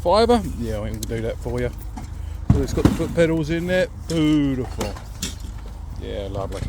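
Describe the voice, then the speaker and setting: A man's voice: medium pitch, big pitch swings, moderate pace, pauses often. A chatty, upbeat man vlogging as he haggles with sellers at an outdoor car boot sale, calling them darling and buddy. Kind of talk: casual walk-and-talk haggling. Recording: outdoor recording with background noise. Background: crowd and vehicle noise.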